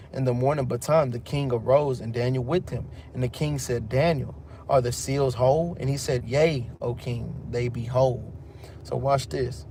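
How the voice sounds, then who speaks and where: A man's voice: mid-range voice, warm tone, a little hiss or hum. A man with a Texan accent teaching from scripture, reading verses aloud and then retelling them in loose street slang. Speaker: teacher of a religious group. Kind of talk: bible teaching with casual commentary.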